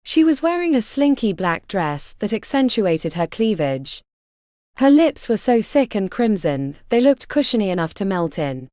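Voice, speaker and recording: A woman narrating an audiobook in an expressive, lively reading close to the mic. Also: mid-range voice, moderate pace, no room sound. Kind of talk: scripted narration.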